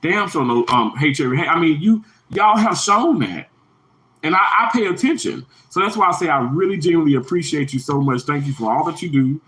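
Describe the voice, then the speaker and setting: The host's intonation is lively and his pace brisk, with a somewhat bright voice captured on a rough recording. During this emotional livestream he rambles sincerely to his audience, repeating himself and spiking in pitch when emphatic.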